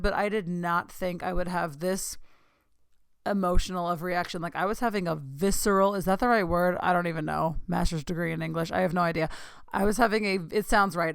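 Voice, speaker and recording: A woman in her thirties tells a story on her podcast, gushing and breathless, tripping over her own asides. Her voice is smooth and clear with a gravelly fry at the ends of phrases. The close, dry mic picks up no room. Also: on the low side, no room sound. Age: 30s. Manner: excitable, gushing, self-interrupting. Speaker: podcast host. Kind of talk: casual storytelling.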